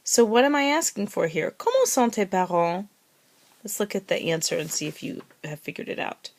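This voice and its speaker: A woman gives a recorded lesson in a patient, methodical way. Her voice sits a little low. She repeats each phrase slowly and spells words out letter by letter. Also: very animated. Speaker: French teacher.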